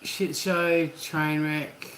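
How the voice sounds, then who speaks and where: A woman's voice: low-pitched, level tone, drawn-out words, a bit bright. A woman hosting a casual live chat with viewers, talking candidly and swearing freely. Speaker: livestream host. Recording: echoey room with faint hum.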